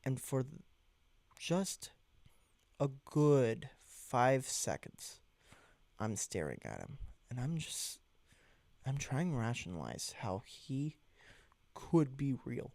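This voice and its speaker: Young man, casual storyteller, slow delivery, halting restarts, acted-out reactions. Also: mid-range voice, big pitch swings, darkish tone, no echo.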